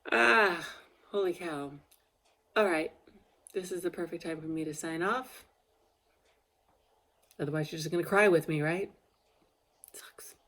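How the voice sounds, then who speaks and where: A woman with a low voice talks at a moderate pace, leaving long pauses. She's a video diarist in a casual personal vlog, candid and emotional, slightly tearful, and rambling as she goes.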